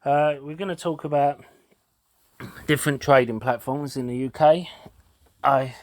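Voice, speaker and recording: A man hosting a casual talk show, explaining things in a halting way with fillers and restarts, and sounding out of breath. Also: mid-range voice. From United Kingdom. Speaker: host.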